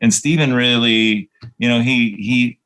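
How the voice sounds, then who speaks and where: A man's voice: mid-range voice, fairly even intonation, a little slow, fairly bright tone, clean tone, poor audio. A man, a composer guest, chatting in a casual interview and telling reflective, rambling stories with many fillers.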